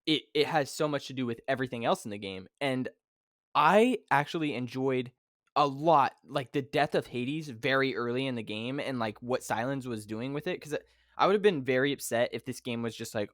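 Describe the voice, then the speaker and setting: A man's voice: medium pitch, moderate pace, a bit bright, no room sound, studio quality. A man hosting a podcast in casual chat, rambling and acting out his own reactions. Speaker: podcast host.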